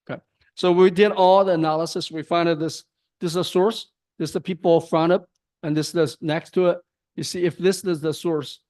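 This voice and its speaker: A man giving an academic lecture on his research, speaking haltingly with restarts and frequent tag questions. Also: a little high, darkish tone. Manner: halting, repeats words, frequent "right?". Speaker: guest lecturer.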